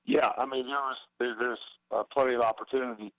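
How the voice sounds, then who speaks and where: A man's voice: mid-range voice, steady tone, fast, fairly bright tone, dry recording, rough recording. A middle-aged man, a former baseball player, talking as a guest in a casual interview, hesitant with many fillers and restarts.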